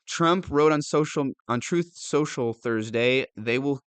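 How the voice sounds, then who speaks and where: A man who reads news aloud and adds sarcastic, animated commentary, laughing often. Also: fairly high pitch, a little slow, clear, resonant tone, dry recording. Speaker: political commentator.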